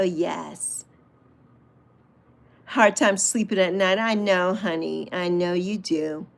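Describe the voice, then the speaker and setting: A woman in her sixties hosting a casual livestream, chatting fondly and answering viewer comments as she goes. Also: medium pitch. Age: 60s. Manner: fond, reminiscing. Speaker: livestream host.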